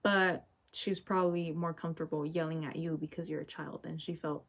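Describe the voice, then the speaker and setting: A teen girl quoting a soft-spoken male teacher. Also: fairly even intonation, brisk, creaky. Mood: reassuring. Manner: soft, low and reassuring. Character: calm male teacher consoling a student.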